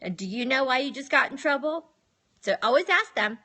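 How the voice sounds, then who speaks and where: A middle-aged woman talks casually to her live-stream viewers about disciplining children. Her voice is bright and sits a little high. She sounds firm and matter-of-fact, and she acts out the words she says to her kids. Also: lively intonation, a little fast. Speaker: parenting advice host.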